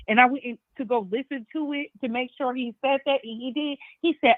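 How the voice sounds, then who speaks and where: A woman's voice: on the high side, quick pace, few pauses, no room sound. A woman calling in to a casual gossip chat, talking emphatically and exclaiming in reaction. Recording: tinny phone line.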